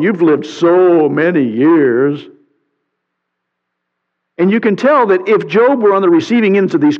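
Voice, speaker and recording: A man preaching a sermon as a pastor, reading scripture aloud in an animated way with playful sarcasm. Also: a little high. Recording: muffled sound with long hall reverb.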